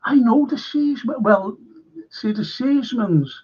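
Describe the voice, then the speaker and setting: Husky, high-pitched Liverpool man, slow. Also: expressive, darkish tone. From Liverpool, England. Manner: rambling, chatty, swears freely. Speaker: historian hosting a livestream. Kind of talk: casual livestream chat reading viewer comments. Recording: dull lo-fi stream audio.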